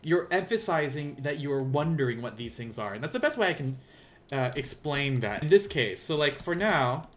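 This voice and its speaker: A man with a Southern US accent leads a casual language lesson on a livestream, thinking aloud, rambling and poking fun at himself. His voice sits on the high side, a bit bright, with lively intonation and a moderate pace. Slight background noise includes keyboard typing.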